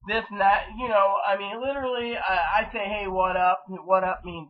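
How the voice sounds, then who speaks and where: Husky high-voiced man rambling on. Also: animated, brisk, phone-quality sound. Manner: rambling, frustrated, swears freely. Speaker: vlog host. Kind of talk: casual rambling chat.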